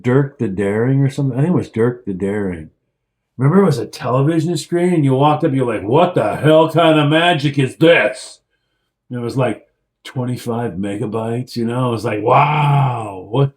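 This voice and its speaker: A man's voice: medium pitch, normal speed. A man co-hosting a casual beer review show, telling profane stories and acting out quotes in mock voices. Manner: animated storyteller who acts out quotes in mock voices.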